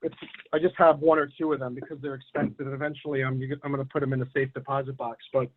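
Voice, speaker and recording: A man's voice: mid-range voice, level tone, quick pace. A man hosting an online community meeting in casual chat, rambling and giving blunt advice over a video call. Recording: tinny phone-like line.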